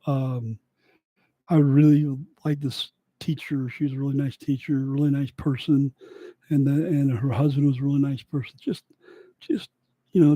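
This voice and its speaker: A man's voice: mid-range voice, dark tone, dry recording. A man telling a personal story in a casual, rambling way that drifts off into side thoughts. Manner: rambling, digressive.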